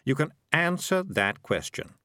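Man doing a talking cat, cheerful, wheedling, scheming, lively sing-song voice, dry audiobook sound. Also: fairly high pitch, a little slow, no echo, voice pushed up, exaggerated voice. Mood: cheerful menace.

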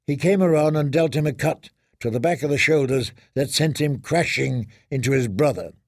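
Gravelly man narrating an audiobook. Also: medium pitch, dry recording, clean studio sound. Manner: steady, measured storytelling. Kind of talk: scripted fantasy narration.

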